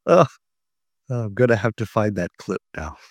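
A man hosting a casual chat, asking quick teasing questions. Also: fairly low pitch, animated, no echo, studio quality.

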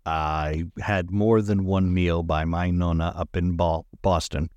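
A man co-hosting a casual comedy podcast, firing off quick wisecracks and laughing often. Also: deep voice, flat delivery, a little mellow, dry recording, highs cut off. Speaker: podcast co-host.

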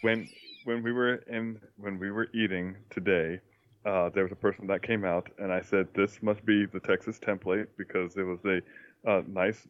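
A man who tells wry stories in a halting way, stopping and restarting as he goes. His voice is low and the sound is slightly dull and dry. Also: steady tone, dry recording. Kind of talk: casual chat.

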